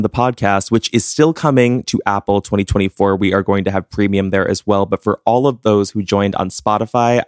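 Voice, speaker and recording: A man's voice: on the low side, no echo, clean studio sound. A man co-hosting a podcast in casual chat, teasing and laughing often. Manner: chatty, teasing, laughs often, playful impressions. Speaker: podcast co-host.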